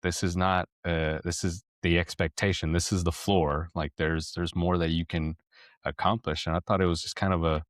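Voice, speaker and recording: A man with a deep, low voice tells a family story on a parenting podcast. He rambles and restarts often, and his tone turns reflective. The sound is dry and close, with no room around it. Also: flat delivery, moderate pace, no echo. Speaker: podcast co-host. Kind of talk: casual storytelling chat.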